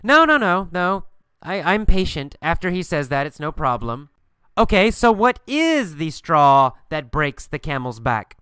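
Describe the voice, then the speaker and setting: A man's voice: fairly high pitch, very animated, unhurried, fairly bright tone, smooth, no echo, studio quality. A man teaching an English lesson by telling a story, asking questions and answering them himself with emphatic repetition.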